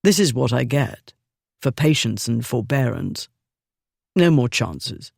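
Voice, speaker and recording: A reader voicing an unflappable aristocratic duke who threatens in a mild, lazy, amiable tone, slightly lower than the reader's own voice. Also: sing-song, takes it slowly, vocal fry, dry recording, clean studio sound, exaggerated voice. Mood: coolly menacing.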